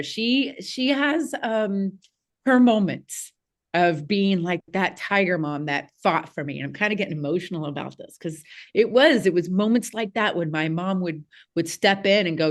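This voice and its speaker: A woman, a podcast guest telling a childhood story in a casual, animated way with frequent laughs and fillers. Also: lowish voice, normal speed. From Southeast Missouri, USA.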